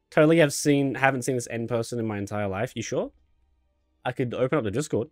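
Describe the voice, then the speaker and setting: A man's voice: mid-range voice, a little mellow, dry recording, clean studio sound. A man streaming a video game with casual commentary, joking, cocky and swearing.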